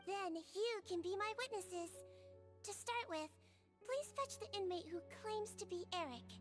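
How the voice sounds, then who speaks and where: A gentle little nurse creature. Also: female voice, very high voice, expressive, unhurried, over music. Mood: explaining. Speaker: head nurse.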